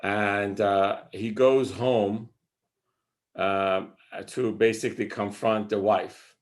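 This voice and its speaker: A man's voice: on the low side, fairly even intonation, slow pace. A man explaining a poem in a casual talk on a video call, rambling with many fillers and restarts. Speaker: discussion leader reading a poem.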